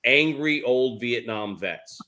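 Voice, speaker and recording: A man hosting a podcast, telling a story in a casual, animated way and swearing freely. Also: mid-range voice, takes it slowly. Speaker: podcast host.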